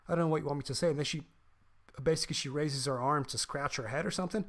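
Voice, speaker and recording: A man co-hosting a casual podcast with a fairly high voice, talking through a film in an animated way. He swears freely and acts out snippets of dialogue. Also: very fast. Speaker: podcast co-host.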